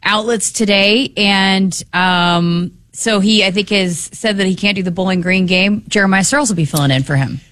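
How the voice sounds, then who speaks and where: A woman's voice: mid-range voice, moderate pace, hardly any pauses, a bit bright, no room sound. Woman cohosting sports talk, chatty, laughs a lot, dry close mic. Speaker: radio sports show co-host.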